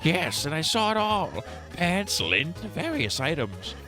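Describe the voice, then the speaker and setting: A man's voice: fairly high pitch, sing-song, slow, bright, forceful tone, faint music behind, pitched above the performer's own voice, heavily acted. A man voicing a goofy, boastful young male spade prince with a silly sing-song delivery. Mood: goofy cheerful.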